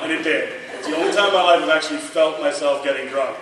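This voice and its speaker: A man in his thirties telling a lively anecdote at a convention panel, acting out the dialogue and laughing often. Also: fairly high pitch, quick pace. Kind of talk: storytelling at a memorial panel. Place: large convention hall. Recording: echoey hall miked from far, noisy.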